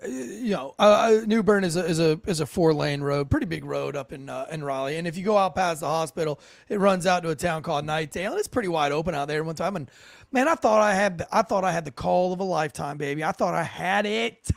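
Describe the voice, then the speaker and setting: A man in his thirties, a former police officer, co-hosting a casual podcast and telling an animated, swearing story. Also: a little high, fairly quick, creaky, dry recording, studio quality. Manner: animated, swearing, acts out the people in his stories.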